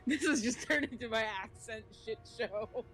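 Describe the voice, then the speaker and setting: A woman's voice: fairly high pitch, unhurried, fairly bright tone, faint music behind. A woman reading a visual novel aloud as guest, giggly and slipping into put-on accents as she narrates. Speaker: guest reader.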